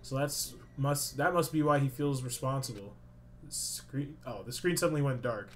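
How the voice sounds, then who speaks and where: A young man playing a video game, reading the dialogue aloud and reacting with swearing and sudden loud outbursts. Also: mid-range voice, normal speed, a little hiss or hum. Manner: swears a lot, swings from mumbling to loud excited outbursts. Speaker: let's play gamer. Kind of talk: let's play commentary reading dialogue aloud.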